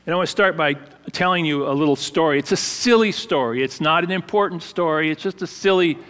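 A man's voice: on the high side, a bit bright, smooth, in a large hall. Man preaching a conversational sermon. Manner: conversational, halting with fillers and restarts. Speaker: pastor.

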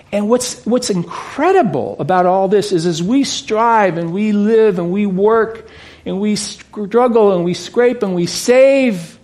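A man preaching from scripture in a voice that sits a little high. He moves between emphatic, urgent phrasing and quiet, reverent asides, walking listeners through a passage with earnest conviction. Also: lively intonation, a little slow. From United States. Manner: earnest, rising to emphatic, dropping to hushed awe. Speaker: pastor. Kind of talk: sermon.

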